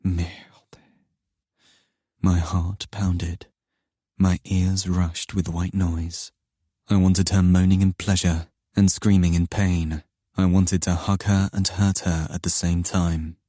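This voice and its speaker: Guy narrating a steamy audiobook, super deep dark voice, brooding, flat delivery, dry booth sound. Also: no room sound. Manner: slow, low and intimate, brooding. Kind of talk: first-person audiobook narration.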